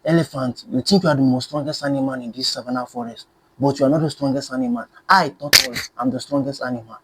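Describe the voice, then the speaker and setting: A man voicing a small, clever male tortoise who speaks calmly and slyly in a storybook folktale. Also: mid-range voice, quick pace, a little hiss or hum, close to an everyday voice. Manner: calm, sly.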